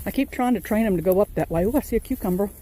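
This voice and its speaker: A woman's voice: mid-range voice, animated, rapid-fire, dark tone. A woman from Virginia giving a rambling, homespun tour of her vegetable garden outdoors, filming on a handheld phone. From Virginia, USA. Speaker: farm vlogger.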